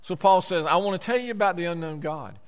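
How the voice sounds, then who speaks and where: A man preaching a sermon, emphatic, slowing down on key words. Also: high-pitched, animated, in a large hall.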